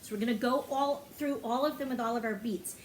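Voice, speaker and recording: A woman music teacher talking brightly and encouragingly to young children, now and then singing a short greeting song. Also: on the high side, brisk, slight background noise.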